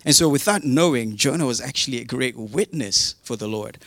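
A man's voice: mid-range voice, expressive, a little fast, vocal fry, fairly bright tone, no room sound, studio quality. A man preaching a casual sermon, retelling a Bible story in a chatty, humorous way with modern slang.

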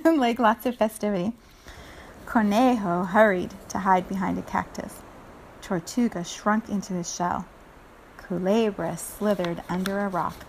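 A woman reads a children's picture book aloud in a relaxed, chatty way. She laughs often and stops to describe the illustrations between the lines of the story. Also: medium pitch, a little slow, a little hiss or hum.

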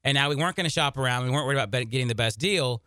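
A man hosting a personal finance radio show, giving emphatic, energetic advice. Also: medium pitch, very fast, no room sound, clean studio sound.

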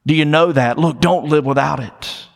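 A man with a slightly raised pitch delivers a sermon in a church sanctuary, where his voice rings out with a long reverb. He talks to the congregation conversationally, drawing out key lines for emphasis and slipping in lighthearted asides. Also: gravelly. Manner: conversational preaching, slows for emphasis, playful asides. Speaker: pastor.

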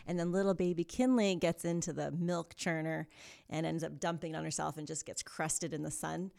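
A woman guest talks in a casual podcast interview. She tells stories in an animated, upbeat way. Her voice is low for a woman. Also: fairly quick, gravelly. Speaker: yoga studio co-founder, guest.

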